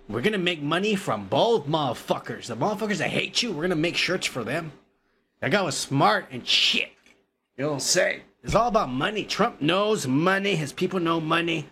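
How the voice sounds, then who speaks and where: A man rants crudely and mockingly in a gravelly, bright voice, now and then breaking into loud outbursts. A faint hiss sits under the talk. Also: a little high, sing-song, moderate pace. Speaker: commentary vlogger. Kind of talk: profane comedic rant.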